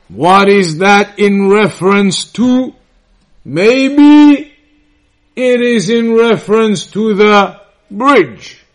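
A man with a high, light voice teaches scripture at a slow, measured pace. He repeats key phrases and pauses to put questions to his listeners, as in an evening lesson. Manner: recites Arabic quickly and quietly between English explanation. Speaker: Islamic teacher. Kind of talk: slow, deliberate religious lesson.

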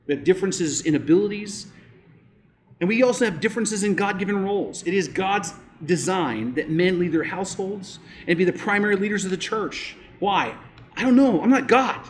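Emphatic high-voiced male preacher. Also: lively intonation, normal speed. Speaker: pastor. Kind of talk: sermon.

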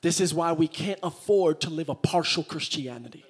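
A man preaching a sermon to a live church congregation, repeating phrases and building to loud, shouted peaks. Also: on the high side, normal speed, slightly rough. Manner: engages the congregation directly.

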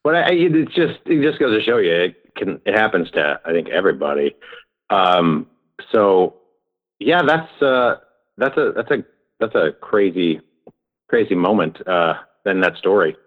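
A man chatting on a podcast, halting and full of fillers. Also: sits low, sing-song. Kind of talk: casual podcast chat. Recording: tinny phone-like line.

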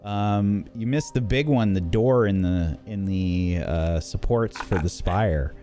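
A man hosting a tabletop role-play stream, doing shout-outs in a casual, halting way full of ums and uhs. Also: sits low, soft background music. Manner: halting, filler-heavy delivery. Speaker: game master and show host.

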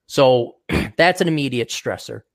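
A man's voice: mid-range voice, expressive, a little slow, no echo, clean studio sound. A man hosting a podcast in casual chat, ranting crudely and mocking. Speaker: podcast host.

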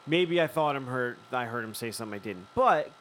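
A man from Philadelphia telling a long story in casual chat, profane and animated. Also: mid-range voice, brisk, a little hiss or hum, poor audio. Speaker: podcast host telling a story.

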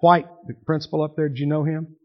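A man's voice: on the high side, little pitch movement, fast. Folksy preacher man, lo-fi recording. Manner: folksy storytelling, teasing the congregation. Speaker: pastor. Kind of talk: sermon. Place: church sanctuary. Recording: muffled lo-fi church recording.

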